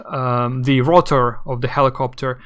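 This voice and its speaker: Halting, word-searching man streamer. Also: medium pitch, flat delivery, a bit bright. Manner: rambling, halting, searching for words. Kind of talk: casual live game commentary.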